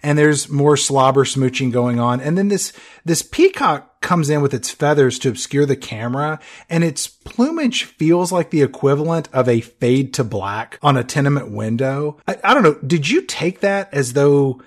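A man's voice: fairly high pitch, expressive, normal speed, hardly any pauses. Chatty man recapping a movie plot. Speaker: podcast co-host. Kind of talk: casual movie recap chat.

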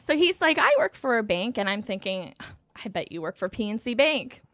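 A woman's voice: a little high, sing-song, fairly quick, a bit bright, no echo, clean studio sound. A woman casually telling a dating story on a podcast, often breaking into giggles. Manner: giggly, laughs through her storytelling. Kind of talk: casual chat.

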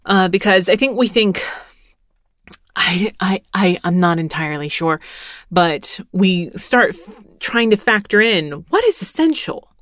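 A woman's voice: mid-range voice, lively intonation, unhurried, a bit bright, no echo, studio quality. A woman in her thirties from Texas telling a rambling, wry story in casual monologue, swearing lightly and laughing as she goes. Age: 30s.

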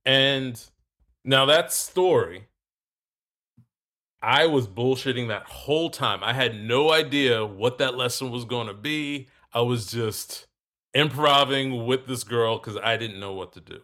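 Animated man with a bright voice. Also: medium pitch, a little slow. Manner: animated, acts out both sides of dialogue. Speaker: guest telling a story. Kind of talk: casual storytelling.

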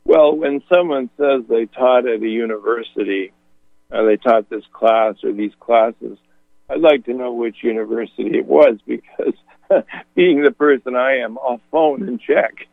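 A man's voice: mid-range voice, unhurried, vocal fry, no room sound. A man hosting a radio talk show, speaking in a rambling, hesitant way with lots of fillers. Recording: dry, phone-like radio audio.

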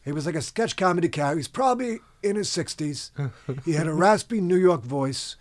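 Animated man telling a story. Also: fairly high pitch, fairly quick. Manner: animated, acts out quotes in big voices. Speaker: guest actor. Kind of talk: casual storytelling.

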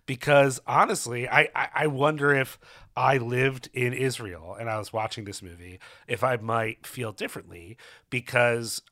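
A man's voice: medium pitch, fairly even intonation, normal speed, bright, forceful tone. A man co-hosting a film podcast, talking candidly and restarting sentences as he thinks aloud. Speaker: podcast co-host. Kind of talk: casual film review chat.

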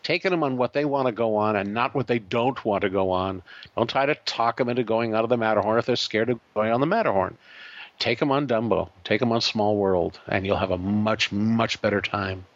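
A man's voice: on the low side, brisk, dry recording, lo-fi sound. A man, a guest on an interview show, telling an anecdote and acting out the quoted voices. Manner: animated, acts out quoted voices. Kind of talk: storytelling anecdote.

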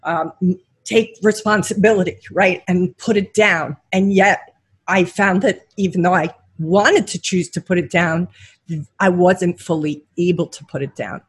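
A woman's voice: on the low side, a little slow, breathy edge. A woman co-hosting a podcast interview, speaking candidly about her own experience. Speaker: podcast co-host.

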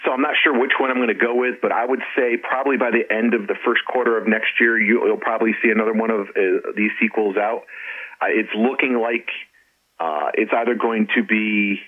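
A middle-aged man, an author and interview guest, talking in a relaxed, chatty way. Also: fairly low pitch, fairly quick. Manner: relaxed, chatty, with frequent restarts and laughs. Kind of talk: casual interview chat. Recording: tinny phone line.

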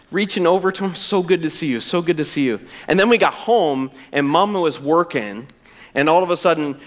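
A middle-aged male pastor delivers a sermon in church. He speaks earnestly, calls the listeners friends, and tells a personal story in a slightly higher-pitched voice. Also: a bit bright.

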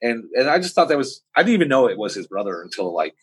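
A man's voice: medium pitch, big pitch swings, quick pace, slightly rough, poor audio. A man on a podcast, rambling through bar anecdotes with bursts of quoted voices. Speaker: podcast co-host. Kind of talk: casual chat.

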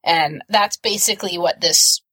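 Bright-voiced chatty woman podcaster. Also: on the low side, measured pace, slightly rough, rough recording. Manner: chatty, laughs often, nerdy enthusiasm. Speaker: podcast co-host. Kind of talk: casual movie podcast chat.

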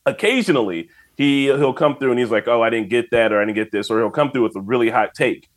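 Podcast guest, male, rapid storyteller, acts out quotes. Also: mid-range voice. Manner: fast animated storytelling with put-on quotes. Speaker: guest, YouTube reaction channel host. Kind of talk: casual podcast chat.

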